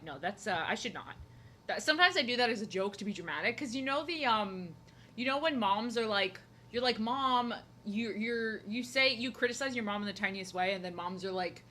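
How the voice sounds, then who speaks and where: A woman's voice: mid-range voice, expressive, a little fast, bright, forceful tone, a little hiss or hum. A young woman chatting casually while she draws at home, rambling from joke to joke and often cutting herself off mid-sentence. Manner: rambling, jokey, self-interrupting. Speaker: art streamer. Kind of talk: casual chat while drawing. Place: home, seated at desk.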